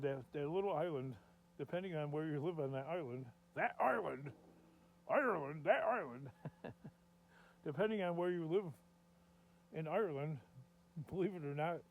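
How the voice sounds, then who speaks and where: A man's voice: on the high side, moderate pace, long pauses, darkish tone, low-quality recording. Rambling, tired man talking at work. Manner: rambling, self-deprecating, chatty. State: tired, caffeinated. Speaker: scrap metal vlogger. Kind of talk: casual rambling vlog talk.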